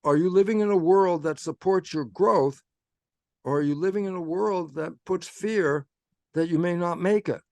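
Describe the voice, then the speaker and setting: An older man speaking as a guest, explaining his ideas in an animated, conversational way and acting out both sides of his own inner dialogue. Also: sits high, moderate pace, no room sound.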